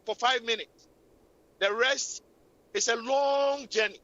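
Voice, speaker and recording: A woman's voice: a little high, takes it slowly, fairly bright tone. A woman hosting a radio talk show, scolding and preaching relationship advice in a repetitive, impassioned way. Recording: lo-fi radio recording.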